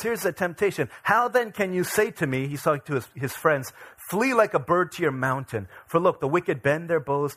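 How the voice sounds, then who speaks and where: A man in his thirties preaching a sermon as pastor, conversational and animated, with casual asides. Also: on the high side, breathy edge. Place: church.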